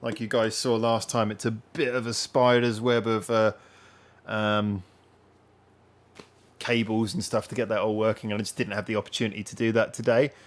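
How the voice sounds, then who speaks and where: A man's voice: lowish voice, flat delivery, moderate pace. A man hosting a casual live-stream chat from home, rambling and chatting directly to his viewers. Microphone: wearing headphones.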